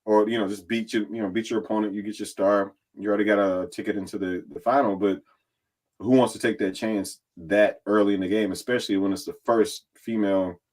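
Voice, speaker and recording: A man's voice: on the low side, brisk. A man casually recapping events as a podcast guest, swearing freely and acting out what others said. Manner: animated and profane, acting out others' lines in quotes. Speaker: reality competition contestant and guest.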